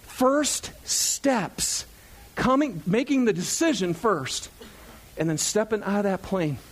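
A man in his thirties, a pastor, preaching in a chatty, animated storytelling way to his congregation. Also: high voice, slow.

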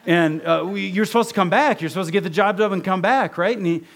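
A man's voice: high-pitched, quick pace, a bit bright. A man from Ohio preaching a sermon in a conversational way, often checking in with the congregation. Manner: conversational preaching with repeated "right?". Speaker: pastor.

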